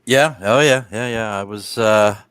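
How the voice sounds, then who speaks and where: A middle-aged man co-hosting a casual live chat, recalling events calmly and steadily, heard over a video call. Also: on the low side, unhurried, clear, resonant tone, no echo. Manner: calm, steady recollection with frequent brief assents. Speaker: co-host on a watch show.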